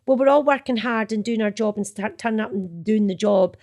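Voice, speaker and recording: Chatty Scottish actress reminiscing. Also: female voice, a little high, a little fast. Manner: chatty and animated, swears and laughs easily. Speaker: actress guest. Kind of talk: casual reminiscing chat.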